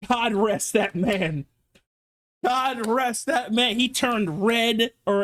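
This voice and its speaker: A man streaming live, reacting to a video and telling animated stories in casual chat. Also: sits high. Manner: animated storytelling, swings between fast and drawn-out.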